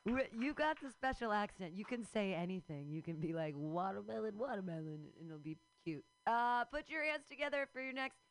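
A woman's voice: a little high, very animated, brisk, few pauses, smooth, rough recording. A woman emceeing a comedy show, teasing and bubbly as she introduces the next comic.

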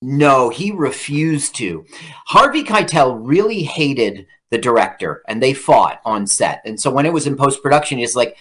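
A man co-hosts a loose radio chat about a film, acting out bits as he tells them. His pitch moves in wide, lively swings around a middle register. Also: moderate pace, breathy edge. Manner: animated storyteller, acts out quotes. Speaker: radio show co-host. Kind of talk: casual movie-riffing chat.

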